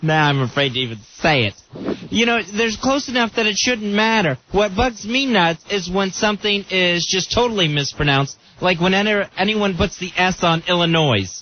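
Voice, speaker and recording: Lively high-voiced man cracking jokes. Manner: playful, quick quips. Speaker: radio co-host. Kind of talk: casual radio talk. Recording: dull lo-fi radio with faint hiss.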